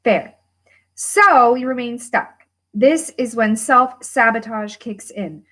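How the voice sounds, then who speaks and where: A woman hosting a casual livestream, chatting with viewers and reading a workbook aloud with lively emphasis, laughing and swearing freely. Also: a little high, slow pace. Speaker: host of a money-mindset livestream.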